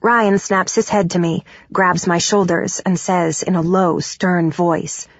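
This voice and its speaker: A woman narrating a first-person audiobook in a steady, even way. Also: fairly low pitch, slow pace, no echo. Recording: dull, dry studio recording.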